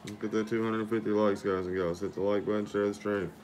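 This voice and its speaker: Livestream host, male, deep-ish and even, runs through viewer thank-yous in a steady drone. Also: quick pace, a little hiss or hum. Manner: repetitive shout-outs and thanks to viewers. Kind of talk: casual live-stream chat.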